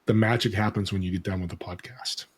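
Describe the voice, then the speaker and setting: Energetic man on a podcast. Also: on the low side, fast, husky. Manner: energetic, animated, acts out quoted dialogue. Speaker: podcast guest. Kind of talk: casual conversation.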